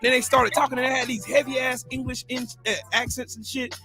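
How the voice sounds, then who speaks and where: A fast-talking man hosts a casual chat, loud and full of jokes and swearing. His voice sits high. Clear hip hop music plays behind him. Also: level tone. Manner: loud, profane, joking. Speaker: podcast host.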